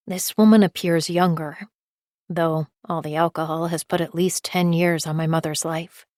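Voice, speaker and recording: Low-voiced woman narrating an audiobook. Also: a little mellow, dry recording, clean studio sound. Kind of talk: scripted first-person narration.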